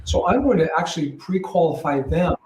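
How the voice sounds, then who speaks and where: A man speaking as a real estate broker guest in a conversational interview, calm and matter-of-fact, repeating himself in short phrases. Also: a little high, brisk, far from the mic, a little hiss or hum. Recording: roomy echo, voice a bit off-mic.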